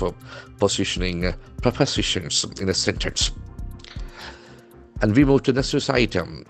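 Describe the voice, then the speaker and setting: Brief: male trainer, lowish voice, methodical spell-and-pronounce delivery, soft music behind. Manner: spells words letter by letter and models pronunciation. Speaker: English trainer. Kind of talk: newspaper vocabulary lesson.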